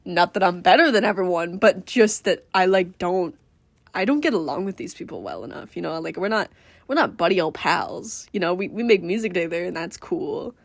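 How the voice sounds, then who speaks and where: Girl doing a fed up bassist dude, blunt and sweary, dry sound. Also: lively intonation, brisk, gravelly, dry recording.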